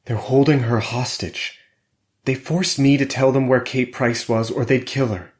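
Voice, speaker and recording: A man's voice: medium pitch, steady tone, a little slow, a little mellow, pitched above the performer's own voice, lightly acted. A man reading an audiobook voices the women characters in a raised, urgent tone. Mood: tense. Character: women characters, Price and Sierra, tense.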